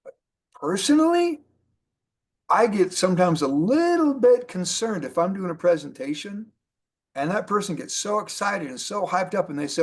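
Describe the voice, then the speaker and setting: A middle-aged man giving a motivational training talk as a network marketing trainer, animated and repeating his key points for emphasis. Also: sits high, moderate pace.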